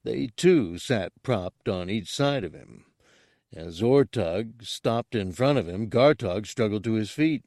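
A man's voice: fairly low pitch, lively intonation, takes it slowly, a little mellow, dry recording. Man narrating an audiobook, dry and close. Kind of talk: scripted story narration.

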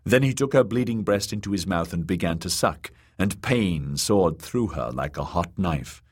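A man narrating an audiobook in a measured, dramatic reading. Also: deep voice, animated.

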